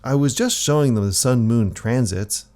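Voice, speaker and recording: A man voicing a calm, thoughtful male priest who explains things slowly. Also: medium pitch, lightly acted. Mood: musing.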